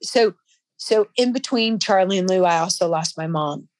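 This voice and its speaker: A woman guest in an interview, telling a personal story in a halting, emotional way with frequent restarts. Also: on the low side, dry recording.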